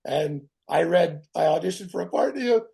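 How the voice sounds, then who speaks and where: Gravelly man telling animated stories. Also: a little high, normal speed. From Canada. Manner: animated storyteller who swears and acts out the voices of people in his stories. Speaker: guest actor. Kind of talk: casual interview chat.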